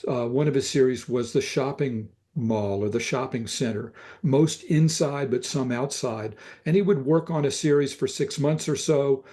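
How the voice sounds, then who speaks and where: An older Southern man talks slowly and reflectively about photographs, stopping often to search for words. His voice is warm and mellow, with a soft, relaxed tone. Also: mid-range voice. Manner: thoughtful, halting with many fillers. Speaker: photographer guest.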